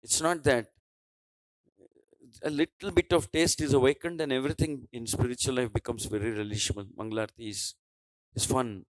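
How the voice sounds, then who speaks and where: A man's voice: medium pitch, steady tone, moderate pace, dry recording, rough recording. A man with an Indian English accent giving a devotional scripture class, telling a story and voicing its dialogue with many restarts and fillers.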